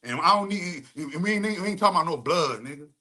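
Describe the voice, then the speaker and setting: A man's voice: fairly high pitch, animated, quick pace, bright, forceful tone. A young adult man giving heated, rambling commentary full of profane street slang. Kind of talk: ranting commentary.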